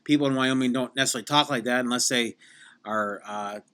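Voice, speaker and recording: A man hosting a podcast, telling a mock life story in a rambling, halting way with many restarts. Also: medium pitch, a bit bright, clean tone. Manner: halting, full of fillers and restarts. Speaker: podcast host.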